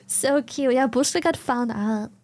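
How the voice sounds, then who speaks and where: High-voiced young woman streamer from germany or the netherlands, talks slow, giggles constantly, cusses casually. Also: a little mellow. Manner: giggly, swears freely, reads chat aloud. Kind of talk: casual chat with stream viewers.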